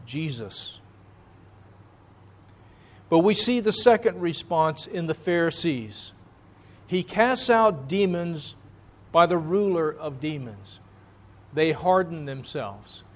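A man preaches from the pulpit with a voice pitched a little above most men's. He speaks slowly and deliberately, pressing hard on the words he wants to land. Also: lively intonation. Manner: slow, deliberate preaching with emphatic phrasing. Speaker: pastor. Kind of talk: sermon.

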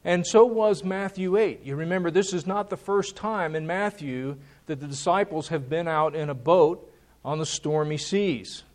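A man's voice: a little high, normal speed. A man preaching a sermon, emphatic and repeating key words for stress.

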